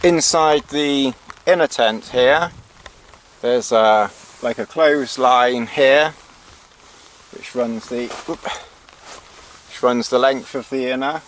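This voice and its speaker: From inside a tent, an outdoor gear reviewer gives a casual walkthrough in a mid-range male voice, speaking slowly and pausing often. He sounds hesitant and adds dry, sarcastic asides, while faint rain patters on the tent.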